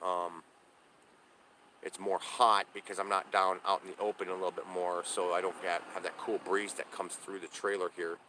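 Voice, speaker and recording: A middle-aged man talks straight into a handheld camera from inside his trailer, his voice sitting a little low. He rants in a bitter, profane way, stumbling and circling back over his words. It sounds like a casual off-the-cuff vlog. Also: little pitch movement, moderate pace, bright, forceful tone, a little hiss or hum. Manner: profane, aggrieved ranting with many restarts. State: homeless, living in a trailer. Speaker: vlogger. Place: inside a parked trailer on a hot day.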